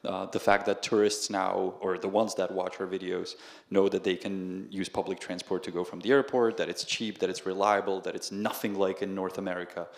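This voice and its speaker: Young Czech man telling animated stories. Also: low-pitched, a little fast, vocal fry, few pauses. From Czech Republic. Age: young adult. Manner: animated, laughs often, acts out quoted voices. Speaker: guest, video creator. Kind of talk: casual storytelling conversation.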